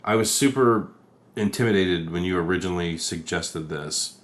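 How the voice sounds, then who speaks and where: Podcast co-host, man, deep voice, swears freely, rambles through movie scenes. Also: normal speed. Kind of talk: casual movie chat.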